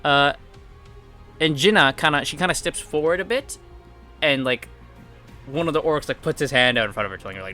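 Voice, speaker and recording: A young man casually recapping comic chapters as a reviewer, animated and full of fillers, swinging his pitch as he acts out what characters say. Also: fairly quick, pauses often, soft background music. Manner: animated retelling with frequent fillers, acting out quotes in different pitches. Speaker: manhwa reviewer.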